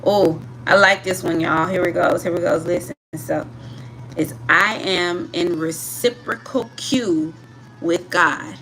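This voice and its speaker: A woman leading a group through spoken affirmations in a slow, emphatic call-and-response, urging them to repeat after her. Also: lowish voice, gravelly, a bit bright, soft background music.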